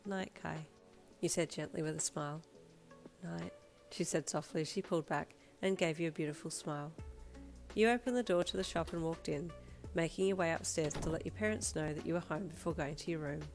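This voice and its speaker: Low-voiced woman narrating fan fiction. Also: fast talker, faint music behind. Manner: steady second-person storytelling. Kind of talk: fan fiction audiobook reading.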